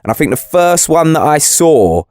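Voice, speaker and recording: A man co-hosting a podcast, chatting casually in a sweary, slangy, animated way. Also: fairly high pitch, normal speed, no echo, studio quality. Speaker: podcast co-host. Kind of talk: casual chat.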